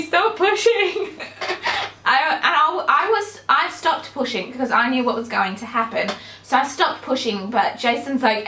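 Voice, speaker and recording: A young woman vlogger with a fairly high, sharp voice tells a personal story to the camera in an echoey room. She's chatty, filling her talk with lots of "um"s and "like"s and breaking into bursts of laughter.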